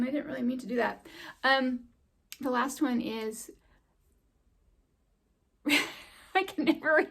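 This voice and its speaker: A woman's voice: fairly high pitch, creaky. A middle-aged woman talking to camera as a homeschool vlogger, chatty and heartfelt, with easy laughter. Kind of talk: encouraging talk to camera.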